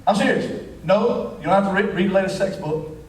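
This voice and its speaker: A man preaching a sermon as the pastor, in a folksy, animated style sprinkled with dialect. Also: high voice, a little fast. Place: church sanctuary. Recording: echoey church hall from far off.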